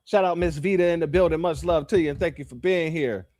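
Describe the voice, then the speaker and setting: High-voiced man hosting a reaction stream. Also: fast, no room sound, clean studio sound. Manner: joking, mocking, gives shout-outs. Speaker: live-stream host reacting to clips. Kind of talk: casual reaction commentary.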